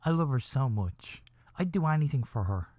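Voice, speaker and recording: A man's voice: medium pitch, expressive, a little mellow, dry recording. A man hosting a podcast, telling a comedic story in a rambling, repetitive way and checking in with his listener again and again. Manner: rambling, keeps checking in with "okay?"; repetitive restarts, builds up slowly. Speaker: podcast host.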